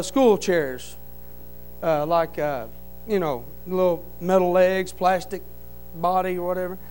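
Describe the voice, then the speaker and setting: A man giving an emotional church testimony in plain, folksy speech, repeating his phrases and swinging between loud fervent cries and quiet, hushed stretches. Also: high voice, clean tone, poor audio. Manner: fervent, rising to loud cries then dropping to a quiet hush.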